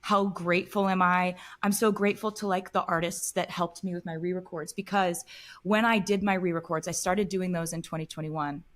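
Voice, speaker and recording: A woman guest on a podcast, telling a personal story in an emotional, animated way. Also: lowish voice, normal speed. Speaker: interview guest.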